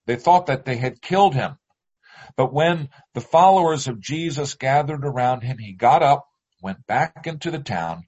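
A pastor reading a Bible passage aloud in a measured, deliberate way, then leading a prayer. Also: male voice, medium pitch, darkish tone, husky, highs cut off.

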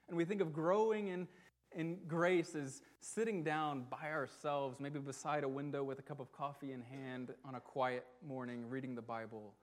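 Preaching to his church in a voice on the high side, this pastor speaks with earnest emphasis. He slows down on important words and throws out rhetorical questions.

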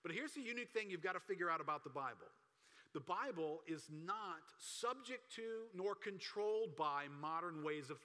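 A male pastor delivers a sermon in a chatty, emphatic way, now and then pushing up to forceful peaks. His voice sits a little high and sounds bright. It carries through a large church hall with a long reverb.

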